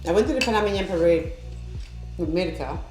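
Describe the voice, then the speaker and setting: A woman's voice: fairly low pitch, animated, a little fast. A woman co-hosting a casual kitchen-table chat, talking in a chatty way with frequent interjections. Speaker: host. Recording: echoey room with faint music.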